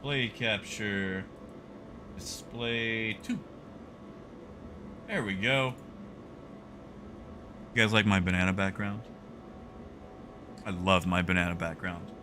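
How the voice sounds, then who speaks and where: A man's voice: lowish voice, fairly even intonation, slow, long pauses, background noise. A man streaming a game live, chatting casually with his viewers by name while he plays.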